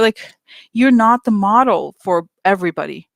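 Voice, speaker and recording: Vlogger, casual rant, exasperated, chatty, many fillers, dry close sound, mid-pitched voice. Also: a little fast, fairly bright tone, no room sound. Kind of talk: casual opinion rant to viewers.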